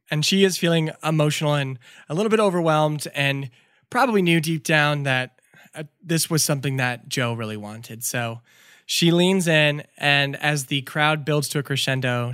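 Soft-spoken man narrating as game master. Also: on the high side, no echo, studio quality. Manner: soft, measured narration with fillers.

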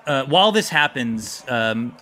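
A man narrating as game master in a tabletop game, who gives playful, quick asides. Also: mid-range voice, expressive, pushed and bright.

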